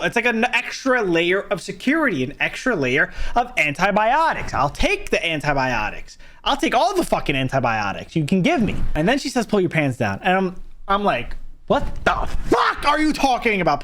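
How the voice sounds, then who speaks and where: Animated, high-voiced young man telling a story. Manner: profane, animated, acts out others in the story. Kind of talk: casual storytelling vlog.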